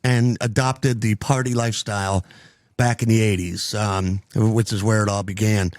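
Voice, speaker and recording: A man's voice: fairly low pitch, fairly even intonation, normal speed, no room sound, clean studio sound. A middle-aged man hosting a casual podcast chat, rambling with lots of ums and restarts. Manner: rambling, many fillers and restarts. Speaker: podcast host.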